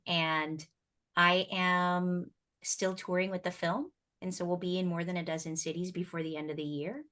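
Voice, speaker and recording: A woman's voice: low voice, fairly bright tone. A woman, a guest filmmaker, chatting eagerly about her upcoming projects over a video call. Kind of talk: casual chat.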